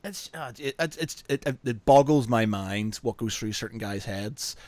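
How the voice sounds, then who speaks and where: A man's voice: mid-range voice, normal speed, darkish tone, dry recording. A man hosting a casual podcast chat, rambling, laughing often and saying "mate" and "you know".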